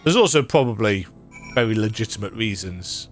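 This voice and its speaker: Male streamer, tired strained voice, animated and self-mocking, soft game music behind. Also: on the low side, moderate pace. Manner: rambling, self-deprecating. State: strained, worn-out voice. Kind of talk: casual let's-play commentary.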